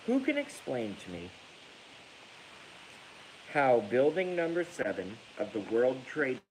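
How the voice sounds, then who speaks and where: A man's voice: medium pitch, very animated, slow, a little mellow, a little hiss or hum, poor audio. A man ranting angrily on a livestream, swearing often and breaking into laughter while reading viewer comments. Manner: angry, profane, breaks into laughter.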